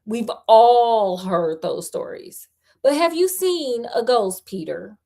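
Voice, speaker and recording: A woman's voice: medium pitch, expressive, slow, a little mellow, slightly rough. A woman voicing a proud, scornful young belle, sneering and haughty, in a storybook reading.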